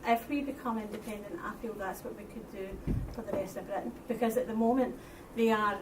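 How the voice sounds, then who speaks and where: A woman's voice: on the high side, steady tone, a little fast. A woman in the audience at a debate, speaking earnestly and stumbling on small words. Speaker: audience member. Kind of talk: debate contribution. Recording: distant mic, noisy room.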